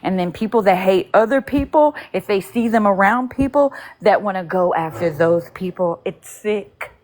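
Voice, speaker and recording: A woman's voice: mid-range voice, animated, normal speed, a little mellow. A woman venting on a casual livestream, frustrated and rambling with lots of fillers and restarts. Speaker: livestream host.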